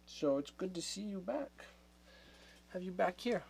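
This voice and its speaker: A man's voice: sits high, animated, measured pace, creaky, a little mellow, slight background noise. A man hosting a livestream, chatting casually with viewers, laughing often and trailing off mid-sentence. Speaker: livestream host.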